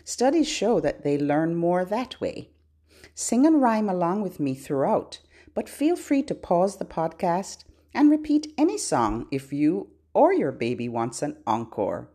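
Sing-song woman with a lively voice. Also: lowish voice. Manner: sing-song, playful, slow and clear for babies. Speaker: children's librarian and podcast host. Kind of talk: sing-along lesson for babies.

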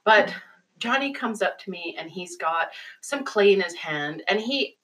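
A young adult woman co-hosting a podcast, telling animated classroom stories with frequent laughter. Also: medium pitch, measured pace, low-quality recording. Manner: animated storytelling, laughs often, acts out kids' voices. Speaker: podcast co-host. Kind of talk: casual chat.

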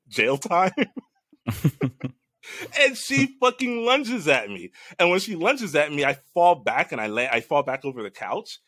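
Animated, swearing man telling a story. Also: fairly high pitch, measured pace, no echo. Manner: animated storyteller, swears freely, laughs often. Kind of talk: casual chat, recounting a dream.

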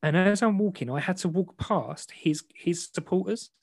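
A man, an interview guest and boxer, frankly recounting a personal story in a self-deprecating, animated way. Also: high-pitched, moderate pace, vocal fry, dry recording.

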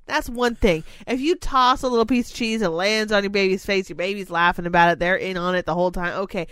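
A woman's voice: medium pitch, fast talker, a bit bright, clear, resonant tone, no echo. A woman co-hosting a casual podcast, ranting with lots of swearing and exasperation. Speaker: podcast co-host. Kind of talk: casual chat.

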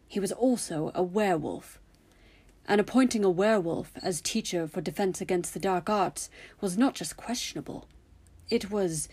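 A woman narrating a story in a steady, even reading voice. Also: on the low side, husky.

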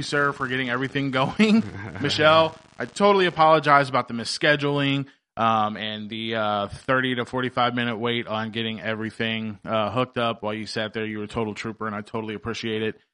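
A man's voice: medium pitch, bright, forceful tone. A man hosting a faith podcast, chatting casually in an upbeat, rambling way with many fillers and restarts. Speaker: podcast host.

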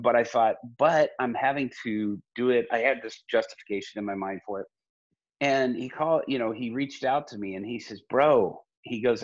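A man's voice: medium pitch, dull audio. A middle-aged man, a pastor and podcast guest, talking earnestly in casual conversation, with many restarts.

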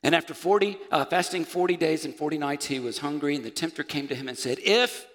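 A man preaching a sermon as pastor, moving between loud calls and hushed, near-whispered passages. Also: a little high, fast talker. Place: church sanctuary. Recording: church sanctuary with long reverb.

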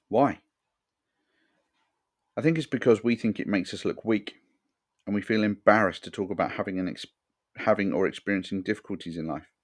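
A man with a low, deep voice speaks in a frank, earnest way. He reads a scripted podcast monologue straight to the listener. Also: darkish tone. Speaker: podcast host.

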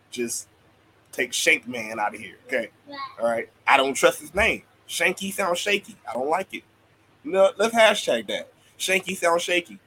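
A man's voice: a little high, lively intonation, moderate pace, bright, forceful tone, slight background noise, low-quality recording. A man co-hosting a casual wrestling chat, joking around and stumbling over repeated words. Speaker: podcast co-host.

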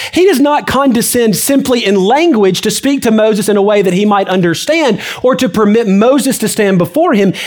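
Man preaching a sermon, emphatic, keeps repeating lines. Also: very high voice. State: out of breath. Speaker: pastor.

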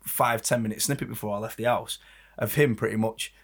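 A man chatting loosely, his voice low and husky. He rambles a little between points. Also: steady tone, a little fast. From England. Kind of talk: casual chat.

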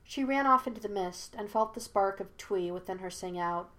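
A woman's voice: medium pitch, normal speed, fairly bright tone. Woman reading a story aloud. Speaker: audiobook reader. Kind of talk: scripted narration of a fan story.

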